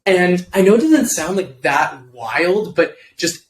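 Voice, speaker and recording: A man's voice: sits high, lively intonation, slow pace. A young man, a guest in an interview, casually telling a personal story in a laid-back, slangy way full of fillers. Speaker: interview guest, former football kicker. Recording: roomy with faint background noise.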